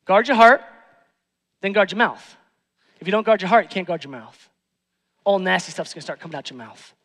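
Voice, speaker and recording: A man's voice: sits high, expressive, brisk, a bit bright, long reverb tail. A man preaching a sermon as pastor, emphatic, repeating phrases and asking rhetorical questions. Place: church sanctuary.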